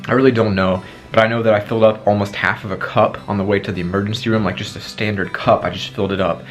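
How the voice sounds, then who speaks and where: Young man, twenties, low voice, sore throat, animated storytime vlogger; faint guitar music under him. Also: quick pace. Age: 20s. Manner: animated storytelling, acting out his own past lines. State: sore throat after tonsil surgery. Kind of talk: storytime vlog.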